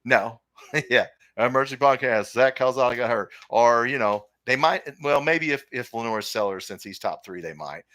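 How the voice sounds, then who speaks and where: A man's voice: medium pitch, moderate pace, bright, forceful tone. A man hosting a live sports talk stream, opinionated and rambling, reading viewer comments aloud. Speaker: podcast host.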